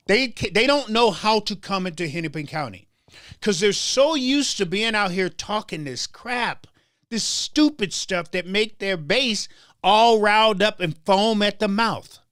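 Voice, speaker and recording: A man's voice: sits high, expressive, a little slow, a bit bright, no echo, studio quality. A man hosting a political talk show, delivering a heated commentary monologue with stammered restarts and a preacher-like rhythm. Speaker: show host.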